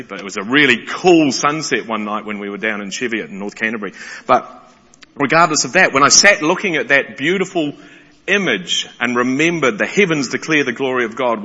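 Bright-voiced preacher. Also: male voice, fairly low pitch. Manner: animated, excitable, stumbling restarts. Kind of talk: sermon. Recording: muffled sound in a large reverberant hall.

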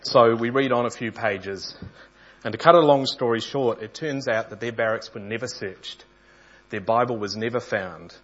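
A man's voice: mid-range voice, normal speed, fairly bright tone, highs cut off. A man preaching a sermon in an earnest storytelling manner, sometimes restarting phrases.

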